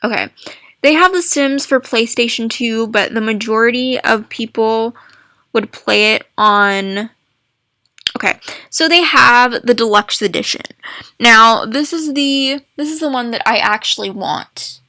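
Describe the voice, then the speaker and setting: Bright-voiced young woman vlogging slowly. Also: a little high, no echo, studio quality. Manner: rambling, restarts phrases, excitable exclamations. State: hiccups. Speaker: gaming vlogger. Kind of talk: casual chat to viewers.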